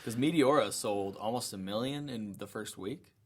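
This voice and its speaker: A man in casual podcast chat, animated and joking, often restarting his sentences. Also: lowish voice, normal speed, slightly rough.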